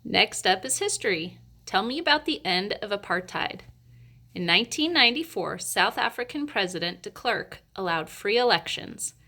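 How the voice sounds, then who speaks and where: Bright-voiced woman lesson presenter. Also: mid-range voice, animated, normal speed. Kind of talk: scripted lesson narration.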